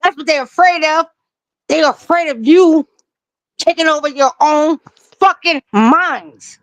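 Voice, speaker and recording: Woman, very high voice, tipsy, fiery rant, dry close mic. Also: a little slow, no room sound, poor audio. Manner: fiery, ranting, repetitive, laughing often. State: tipsy from drinking. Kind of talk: loose profane live-stream chat.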